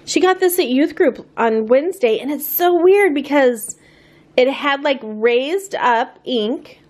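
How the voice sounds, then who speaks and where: A woman's voice: sits high, takes it slowly, rough recording. A woman in her thirties, a family vlogger, chatting casually and upbeat to a handheld camera and laughing often. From United States.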